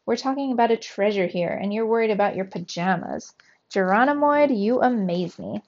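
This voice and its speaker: A woman's voice: medium pitch, normal speed, lightly acted. A woman voicing a boastful, cheeky grown male mouse who talks in a smug, teasing way, on a dull lo-fi recording.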